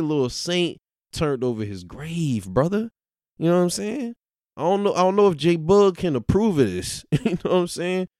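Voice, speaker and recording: Guy ranting laid-back and slangy, smooth clean voice, dry close mic. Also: medium pitch, darkish tone, no room sound. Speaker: commentator. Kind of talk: casual rant.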